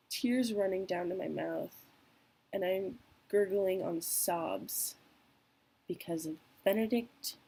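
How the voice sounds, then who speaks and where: A young woman speaking candidly and emotionally in a personal vlog, with trailing pauses. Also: fairly low pitch, gravelly, a little mellow, breathy edge, poor audio. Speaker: vlogger.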